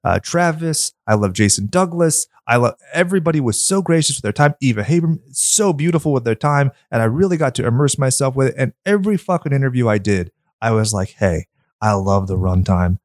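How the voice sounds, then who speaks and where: A man's voice: medium pitch, animated, fast talker, few pauses, no room sound, studio quality. A man hosting a podcast, chatting casually about films in a blunt, enthusiastic way and swearing freely. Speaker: podcast host. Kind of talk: casual film chat.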